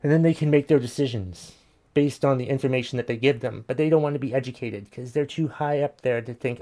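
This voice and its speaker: A man's voice: mid-range voice, fast talker, warm tone. A man hosting a casual commentary show, ranting bluntly and swearing while he reacts to listener messages. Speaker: podcast host reading listener messages.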